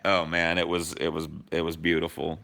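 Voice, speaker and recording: A young man on a podcast, telling a story in casual, animated chat, swearing freely and acting out what people said. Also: low voice, normal speed, gravelly. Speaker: podcast co-host.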